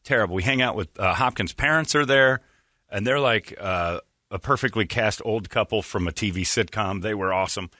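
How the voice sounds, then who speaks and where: A male radio host spins a long, joking story in a blunt, offhand way. His voice sits a little low but has a forceful, bright edge. The studio mic sounds close and dry. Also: fairly quick, no echo. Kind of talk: casual talk-radio storytelling.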